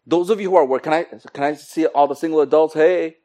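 A man preaching a sermon to his congregation, animated, acting out quoted exchanges with comic voices. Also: on the high side, fairly quick. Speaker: pastor.

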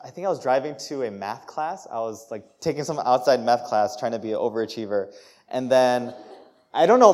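A young man preaching a sermon, telling a personal story with lively, acted-out quotes and laughs. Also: mid-range voice. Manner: animated storytelling, acts out quotes, laughs between lines. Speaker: pastor.

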